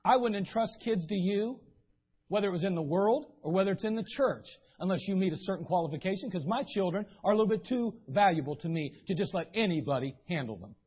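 A man's voice: high voice, animated, quick pace, slightly rough, highs cut off. A man preaching a sermon as pastor, telling stories in a folksy way and acting out the voices of people he quotes. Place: church sanctuary.

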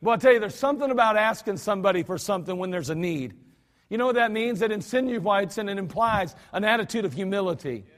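High-voiced preacher in a reverberant church. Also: male voice, animated, quick pace, fairly bright tone. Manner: folksy, emphatic preaching with repetition. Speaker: pastor. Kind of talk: sermon. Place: church sanctuary. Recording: archived church service with long hall reverb.

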